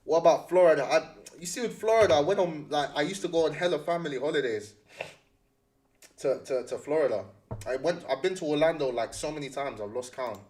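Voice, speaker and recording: A man's voice: fairly high pitch, animated, a little fast, darkish tone, recorded from a distance. A young man chatting casually, full of slang and repeating his phrases as he rambles. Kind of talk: casual chat.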